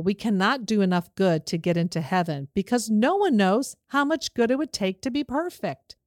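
A woman giving an earnest, steady religious lesson to parents, speaking in a plain instructive way. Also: medium pitch, no echo, studio quality. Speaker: Christian teacher for parents.

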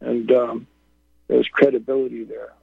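A male caller talks in a measured, thoughtful way, his mid-pitched voice gravelly. The sound is tinny and dry, like a phone line. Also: flat delivery, dry recording. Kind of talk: call-in radio talk.

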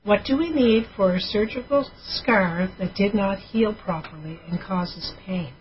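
A woman co-hosting a radio health show, reading listener emails aloud and briskly keeping the doctor on track. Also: medium pitch, a little hiss or hum. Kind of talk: casual radio call-in hosting. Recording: dull lo-fi radio audio with faint music.

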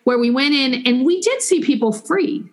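A woman, a Christian counselor and author answering interview questions in an animated way. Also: sits high, moderate pace. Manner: animated, warm storytelling with quoted voices; guides listeners through a breathing exercise.

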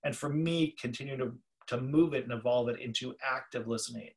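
A man's voice: medium pitch, brisk. Man telling a story on a podcast. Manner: storytelling, acts out quoted callers. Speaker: podcast co-host, trainer. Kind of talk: conversational podcast talk.

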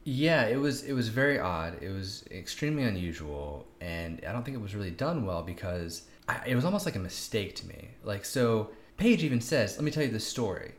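A co-host in a casual film-review chat, animated, with jokey asides and acted-out quotes. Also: mid-range voice, moderate pace, hardly any pauses. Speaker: podcast co-host. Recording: roomy echo.

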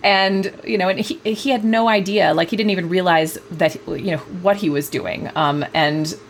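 A woman talks through parenting ideas as an interview guest, in a lowish voice with a gravelly edge. She speaks thoughtfully, pausing often with fillers and starting sentences over. It sounds like an easygoing conversation. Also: a little hiss or hum. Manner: thoughtful, many fillers and restarts. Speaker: guest author, parenting expert; mother.

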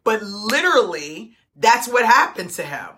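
Fired-up woman coaching, bright voice. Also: a little high, big pitch swings, a little slow. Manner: fired-up, emphatic, laughs often. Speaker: host. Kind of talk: coaching talk on a group call.

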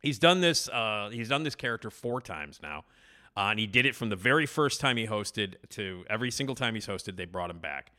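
A man hosting casual commentary, rambling along with fillers and real enthusiasm. His voice is on the low side but very bright and forward. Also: big pitch swings, fairly quick. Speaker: host.

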